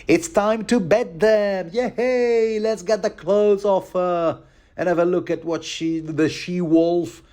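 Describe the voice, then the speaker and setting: A man's voice: slow pace, dark tone. A man voicing a spoiled, cruel teenage king who taunts and gloats. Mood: gloating. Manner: taunting, shrill when gleeful.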